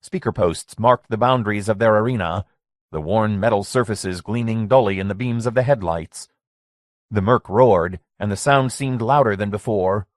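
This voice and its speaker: Male narrator, low voice, dry close studio sound, steady reading. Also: moderate pace, no room sound. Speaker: audiobook narrator. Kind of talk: scripted narration.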